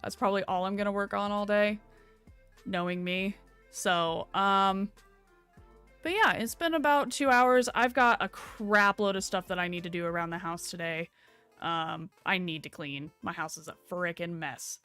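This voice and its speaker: A woman's voice: mid-range voice, normal speed, a bit bright, clear, resonant tone, faint music behind. A young woman streamer chatting casually from home at her computer, rambling and swearing a little as she wraps up. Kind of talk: casual stream sign-off chat.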